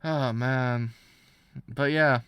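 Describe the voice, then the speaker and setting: A man ranting in an animated, exasperated way about a story's villain on a live reaction stream, often restarting his sentences. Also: medium pitch, drawn-out words, clear, resonant tone, no echo.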